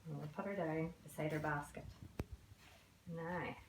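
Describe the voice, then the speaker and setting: Preschool teacher, woman, warm-hearted storybook reader; gentle and expressive, roomy echo. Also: deep voice, measured pace, a little hiss or hum. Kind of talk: reading a storybook aloud to children.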